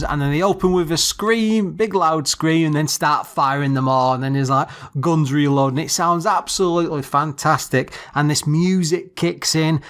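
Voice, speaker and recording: A man co-hosting a podcast, casually reviewing an old computer game and often stopping to search for words. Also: fairly high pitch. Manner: halting, searching for words with many restarts. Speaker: podcast co-host.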